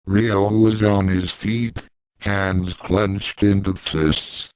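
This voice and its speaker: A man narrating fan fiction as an audiobook in a measured, even storytelling manner. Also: low-pitched, slight background noise, poor audio.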